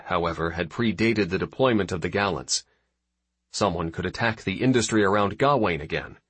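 Low husky male narrator, steady audiobook read, dry close mic. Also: no room sound. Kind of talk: scripted narration.

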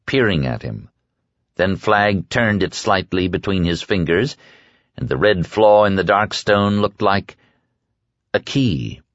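Low-voiced man narrating an audiobook. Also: a bit bright, no echo, lo-fi sound.

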